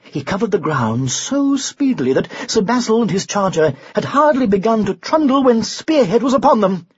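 A storyteller reading a children's storybook aloud with expressive, animated narration. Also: mid-range voice, normal speed, slightly rough, dry recording, highs cut off.

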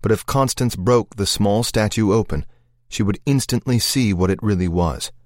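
Male audiobook narrator, low-pitched, dry close recording, measured suspense. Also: darkish tone, no room sound.

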